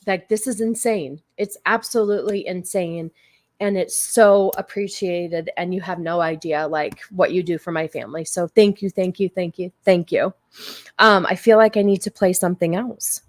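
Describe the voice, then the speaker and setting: Woman, livestream host, casual chat, blunt, crude, joking, effusive thanks, mid pitch. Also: a little slow.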